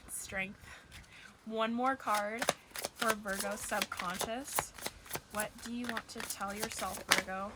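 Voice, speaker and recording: A tarot reader gives a casual reading to camera, emotional and gushing and at times close to tears, while dogs bark in the background. Her mid-range voice is slow with fairly even intonation, and the audio is very noisy.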